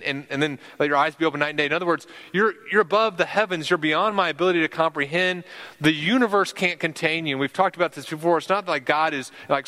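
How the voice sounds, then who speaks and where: A man's voice: fairly high pitch, sharp tone, in a large hall. A male pastor preaching a sermon, earnest and often repeating words as he works through a point.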